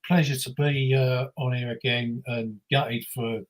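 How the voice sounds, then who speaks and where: A man's voice: medium pitch, flat delivery, moderate pace, poor audio. A man speaking as a panel guest on a live stream, hesitant with many fillers and a chuckle. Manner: hesitant, chuckling, friendly sign-off. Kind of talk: casual chat on a live stream.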